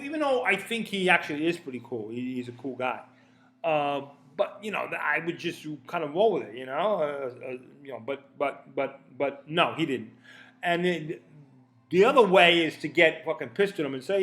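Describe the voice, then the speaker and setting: Rambling, profane man with a higher voice. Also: lively intonation, moderate pace, a bit bright. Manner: rambling, profane, stammering repeats. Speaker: commentator. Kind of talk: casual opinion rant.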